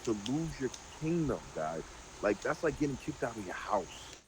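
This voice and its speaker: A man hosting a casual group Bible study, talking in an animated way with everyday parallels. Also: medium pitch, moderate pace, background noise. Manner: animated, draws everyday parallels, many fillers.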